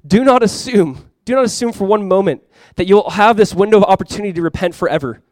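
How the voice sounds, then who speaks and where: A man's voice: high voice, fast talker, darkish tone, dry recording, rough recording. A male pastor preaching a sermon, telling a story conversationally and now and then rising into sudden emphasis.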